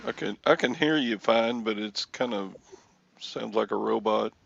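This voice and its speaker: A man with a deep, heavily gravelly voice chats on his livestream at an unhurried pace. He jokes and rambles between chuckles, and the stream audio sounds dull and lo-fi. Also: fairly bright tone, a little hiss or hum. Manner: joking, rambling, chuckles often. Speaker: livestream host. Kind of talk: casual livestream chat.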